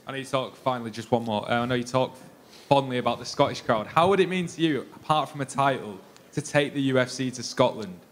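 A man works as a reporter at a press scrum. His questions are polite and long, and they wander on. A faint background hum sits under his mid-pitched voice. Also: fast.

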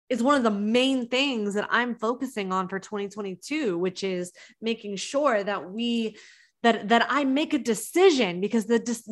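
A woman's voice: fairly high pitch, a bit bright. Earnest woman giving coaching advice. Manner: earnest and encouraging, with emphatic restarts. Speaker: business coach. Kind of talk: motivational podcast monologue.

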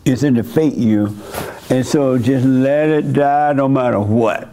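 A man's voice: mid-range voice, measured pace, warm tone. An older man, hosting a church meeting and giving blunt, folksy spiritual advice to a member, chuckling now and then. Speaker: host and church leader. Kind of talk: counseling a congregation member.

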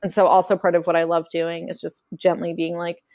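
A woman's voice: on the low side, level tone, brisk, a little mellow. A woman speaking frankly in a casual conversation, chatty, acting out quotes as she tells her story. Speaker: memoir author guest. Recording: podcast conversation.

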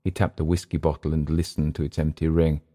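A man reading a vintage short story aloud in steady, measured narration. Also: very deep voice.

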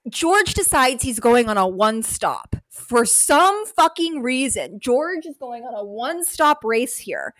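A woman co-hosting a podcast, chatting in a fairly high voice that swoops all over the place. She talks in animated bursts, swears freely and says "like" constantly. The sound is close and dry. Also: measured pace, no room sound, poor audio. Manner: animated, swearing, frequent "like", bursts of shrieking laughter. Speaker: podcast co-host. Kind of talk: casual chat.

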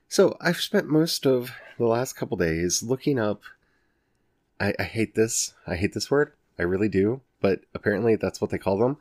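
A man in his forties from the Ozarks hosts a casual solo podcast in an Ozark Southern accent, his lowish voice a little mellow. The studio-quality recording has no room sound, and he's chatty and self-mocking, laughing and restarting frequently.

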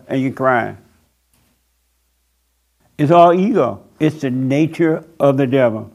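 A man's voice: medium pitch, expressive, takes it slowly, gravelly, pauses often, darkish tone. A man preaching a sermon in a blunt, mocking, emphatic way.

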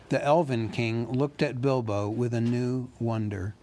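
A man reading a novel aloud in a steady, measured way. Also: medium pitch. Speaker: reader.

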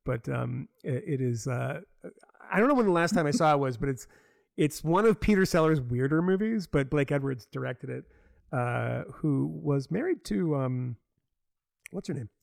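A man's voice: mid-range voice, expressive, moderate pace, creaky, dry recording, clean studio sound. A man hosting a podcast, rambling in casual chat with many fillers. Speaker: podcast host.

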